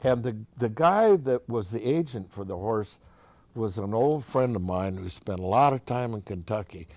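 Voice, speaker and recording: A man's voice: fairly low pitch, expressive, normal speed, darkish tone, dry recording. An older man from Oregon, a musician as interview guest, telling long folksy anecdotes in a chatty way with frequent restarts. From Oregon, USA. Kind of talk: casual storytelling.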